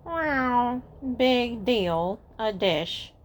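A woman voicing a stubborn, lazy fat male cat in a storybook reading, in a smug, drawn-out way. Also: a little high, animated, slight background noise.

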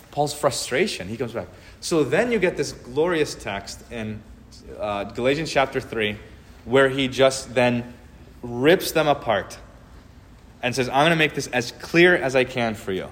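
A man preaching a sermon as pastor, talking conversationally and animatedly with many filled pauses. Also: medium pitch, animated. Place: church sanctuary. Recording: long hall reverb.

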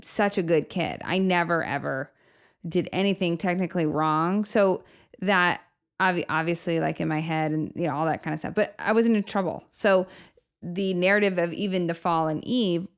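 Woman, podcast host, casual reflective chat, lowish voice, frequent laughter. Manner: chatty, laughs often, self-reflective. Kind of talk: casual faith conversation.

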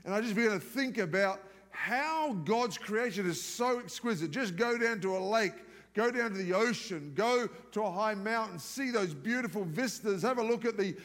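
A male pastor with a notably high voice gives a live sermon, talking to the congregation in a lively, conversational way and slipping in humorous asides. His voice rings out with the long reverb of a large church hall. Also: moderate pace, few pauses. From outside the United States.

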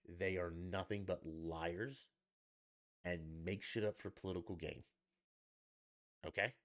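A man hosting a podcast, ranting in a blunt, profane and sarcastic way. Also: low voice. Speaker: podcast host. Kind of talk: angry political rant.

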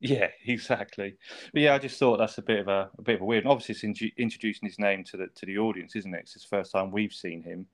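A man's voice: fairly low pitch, quick pace. A man, chatting casually as a podcast co-host, swearing and laughing often. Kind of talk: casual chat.

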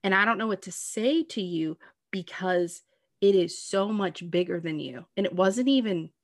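A woman's voice: medium pitch, moderate pace, no echo, clean studio sound. A woman in casual heartfelt conversation, talking at length in an earnest, reassuring way with lots of "like" and "you know what I mean". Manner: talkative, earnest, reassuring, full of "like".

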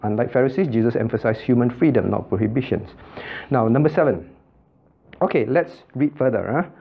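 A male pastor teaching a Bible study, calling on students by name and repeating points with quick checks like "okay?" and "right?". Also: mid-range voice, vocal fry, husky, highs cut off.

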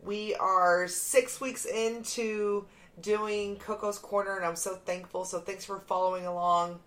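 A woman's voice: mid-range voice, fairly even intonation, a little slow, fairly bright tone, echoey room. A young adult woman hosting a casual chat show, playful and teasing, laughing often. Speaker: podcast host.

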